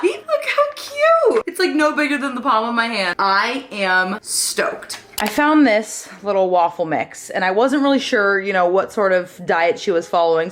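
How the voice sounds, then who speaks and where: In her home kitchen, a woman in her twenties chats through a cooking vlog, bubbly and quick to poke fun at herself. Her voice sits on the high side with a bit of brightness, fitting a casual lifestyle vlogger.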